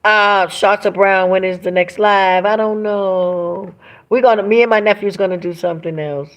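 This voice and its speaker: A woman hosting a casual live stream from home, reading viewer comments aloud and talking straight to her audience in an emphatic, animated way. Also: medium pitch, normal speed.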